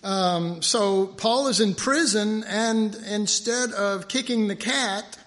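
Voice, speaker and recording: A man preaching a sermon in a chatty, joking way, telling stories and doing quick voices of people in them. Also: high-pitched, a bit bright. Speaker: pastor.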